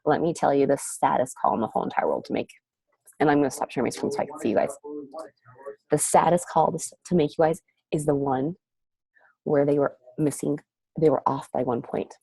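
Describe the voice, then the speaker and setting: Gushing woman with a warm, husky voice. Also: low-pitched, fairly quick, no room sound. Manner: gushing, exclamatory, repeats herself for emphasis. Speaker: leader of a team of fitness coaches. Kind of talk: motivational talk on a video call.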